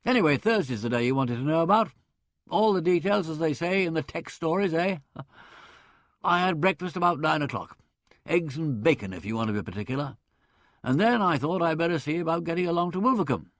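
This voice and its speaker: A man's voice: on the high side, lively intonation, fairly quick, dry recording, studio quality. A man doing a blustering, hearty young Englishman. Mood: chatty. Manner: blustering, chatty, laughs loudly. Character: brash, hearty young man telling his alibi. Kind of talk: audiobook character voice.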